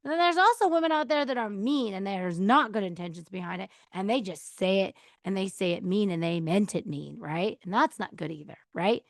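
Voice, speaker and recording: A woman with a medium-pitched voice and vocal fry talks briskly, hardly pausing. She hosts a podcast, chatting casually about choosing peace, acting out quoted replies and laughing now and then; the mic on a counter gives a dry recording with clean studio sound.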